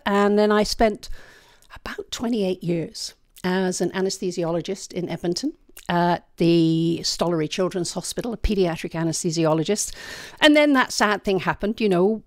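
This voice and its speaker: A woman's voice: medium pitch, a little fast, no room sound, studio quality. An older woman with a British accent, a retired physician telling her life story in a casual interview. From United Kingdom. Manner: chatty, candid storyteller.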